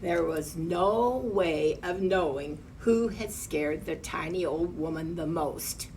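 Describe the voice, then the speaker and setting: A woman reads a children's picture book aloud at an unhurried pace, pausing to point at the pictures. Her voice is recorded from some distance off the mic, with a faint hum underneath. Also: fairly low pitch, a little mellow. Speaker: storyteller.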